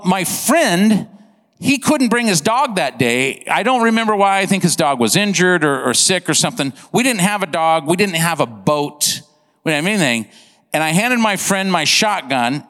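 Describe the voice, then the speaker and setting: A man preaching a sermon, telling a funny story in an animated, comic way and acting out sound effects. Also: sits high, long reverb tail. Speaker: pastor. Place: church.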